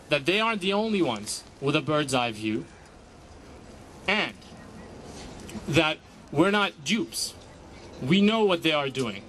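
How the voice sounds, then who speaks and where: Man giving a measured protest speech. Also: fairly high pitch, a bit bright, slight background noise. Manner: measured, rhetorical repetition. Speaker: lawyer speaking at a protest. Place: outdoor street protest.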